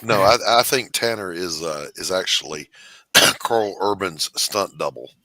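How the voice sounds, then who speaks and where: A man's voice: sits low, a little slow, bright, forceful tone, dry recording, low-quality recording. A man in his sixties co-hosting a live stream, joking and reading viewer comments aloud. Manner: reads chat comments aloud, joking and rambling. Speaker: podcast co-host. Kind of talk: casual live-stream chat. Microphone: headphones and desk mic.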